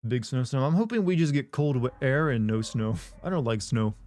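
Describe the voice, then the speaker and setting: A man's voice: mid-range voice, animated, a little fast, a little mellow, dry recording. A man on a live game stream chatting casually with viewers, rambling and offhand, with frequent swearing and restarts.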